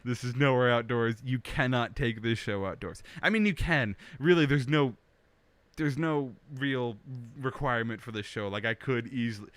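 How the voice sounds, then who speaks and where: A man's voice: medium pitch, normal speed, a bit bright, no echo. Rambling self-mocking young man, dry close sound. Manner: self-deprecating, rambling, stumbles and restarts. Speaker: host of a web show. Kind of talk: rambling comedic monologue. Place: small indoor home studio. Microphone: studio microphone.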